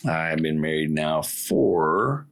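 Middle-aged north carolina guy, real low gravelly voice, tells stories with lots of chuckles. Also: animated, slow pace. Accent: Western North Carolina. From Western North Carolina. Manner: storytelling, chuckling often. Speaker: podcast guest. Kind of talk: casual chat.

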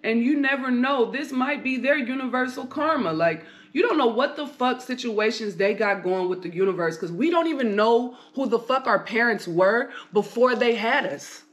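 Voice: medium pitch, expressive, normal speed, few pauses, a bit bright. Profane, blunt solo podcaster. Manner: rambling, preachy advice-giving; emphatic, repeated commands. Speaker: podcast host. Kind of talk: casual solo podcast monologue.

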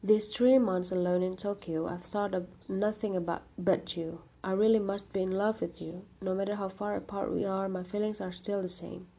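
A woman's voice: mid-range voice, fairly even intonation, normal speed, few pauses, dark tone, natural voice. A woman voicing an earnest young male student pleading with his girlfriend, read in a storybook reading. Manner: pleading, insistent.

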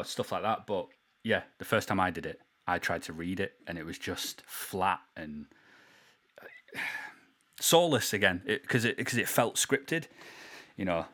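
Low-voiced laid-back man hosting. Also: fairly bright tone. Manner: laid-back, swears casually, lots of "yeah" and "you know". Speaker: podcast host. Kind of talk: casual podcast chat.

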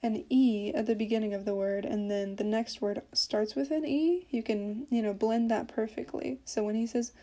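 Chatty woman teaching Portuguese, mellow voice. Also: on the high side, fairly even intonation, moderate pace, few pauses. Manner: chatty, explains with many fillers. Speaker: podcast host teaching Portuguese. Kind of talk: casual language lesson.

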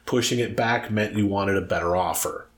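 A man's voice: fairly low pitch, moderate pace. A middle-aged man co-hosting a casual podcast, playfully quizzing his partner and joking as he explains word origins. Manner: teasing, jokey quizmaster. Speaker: podcast co-host. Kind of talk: casual chat.

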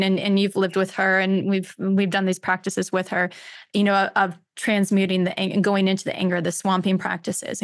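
A woman's voice: medium pitch, no echo, studio quality. A woman podcast host who is a therapist, speaking reflectively and searching for words in a casual interview.

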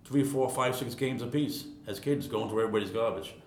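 A man's voice: a little fast, darkish tone. A man around sixty from Queens, telling stories casually as an interview guest, rambling and repeating words. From Queens, New York. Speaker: guest, retired ironworker. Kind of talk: casual storytelling. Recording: echoey room, faint rumble.

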